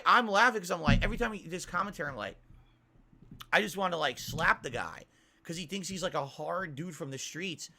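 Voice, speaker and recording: A man's voice: a little high, lively intonation, fairly quick, gravelly, sharp tone. A man streaming and complaining as he rambles, often restarting his sentences.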